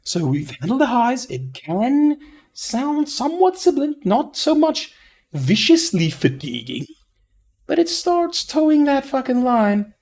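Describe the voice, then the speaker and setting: A man giving a rambling, profane headphone review, often stopping to correct himself and getting excitable. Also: extremely high pitch, measured pace. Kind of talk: casual review monologue.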